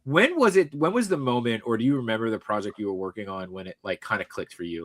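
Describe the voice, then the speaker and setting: A man's voice: fairly low pitch, lively intonation, quick pace, hardly any pauses, dry recording. A man hosting a casual show, upbeat and jokey, reading viewer comments aloud. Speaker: podcast host. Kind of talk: casual chat.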